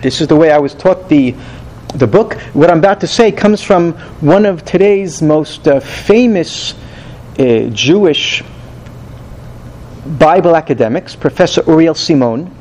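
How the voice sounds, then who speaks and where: High-voiced, animated Bible teacher, a man. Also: unhurried, rough recording. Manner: animated and rhetorical, asks and answers his own questions. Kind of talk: Bible study lesson.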